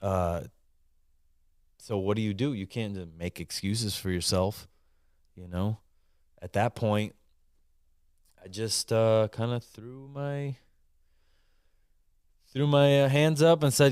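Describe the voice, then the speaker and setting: A man's voice: medium pitch, unhurried, long pauses, clean tone, no echo, clean studio sound. A man who is a chef hosting a live call-in show, telling a kitchen story in casual, profane, emphatic talk and often asking "right?".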